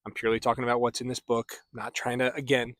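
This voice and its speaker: Young man, halting and rambling vlog book reviewer, mid-pitch voice, dry recording. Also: monotone, a bit bright, no room sound. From central United States. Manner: rambling, halting, many fillers and restarts. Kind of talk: casual stream-of-consciousness book review.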